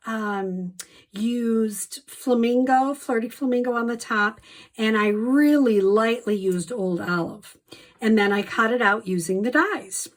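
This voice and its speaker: A woman's voice: a little high, fairly bright tone. A woman giving a casual card-making tutorial, chatty and enthusiastic, with frequent ums and little asides. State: slight allergy cough.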